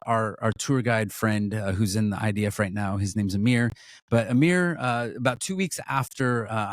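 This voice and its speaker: With a fairly low voice and no room sound, a ministry co-leader talks earnestly during a relaxed fundraising conversation. His speech is halting, packed with restarts and fillers.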